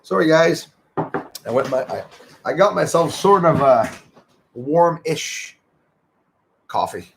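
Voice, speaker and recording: Gravelly-voiced man hosting a casual livestream. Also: fairly high pitch, expressive, slow, long pauses, a bit bright, slight background noise. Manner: rambling, friendly, greets viewers by name. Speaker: livestream host. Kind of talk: casual chat reading out viewer comments.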